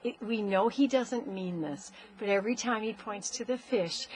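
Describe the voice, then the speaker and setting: A woman, a mother, telling her grown child stories about him as a baby in a casual home video, animated and often laughing. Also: mid-range voice, slow, pauses often, a little hiss or hum.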